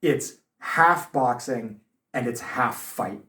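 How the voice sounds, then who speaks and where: A man in his thirties, a boxing coach guesting on a podcast, telling stories in a lively, chatty way full of fillers. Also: mid-range voice, slow, distant mic. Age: 30s. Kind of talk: casual podcast conversation. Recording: echoey room, voice off-mic.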